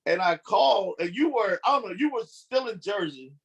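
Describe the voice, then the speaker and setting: Gravelly male podcast host. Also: sits high, normal speed. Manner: relaxed, easygoing, friendly sign-off. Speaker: show host, basketball coach. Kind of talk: casual interview hosting.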